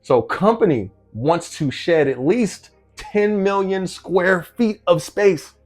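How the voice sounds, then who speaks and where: A man's voice: sits high, slow pace, a little mellow, soft background music. A man from New Jersey talking casually to camera, reading out a news article and reacting to it with rhetorical questions and frequent laughs. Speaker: vlogger.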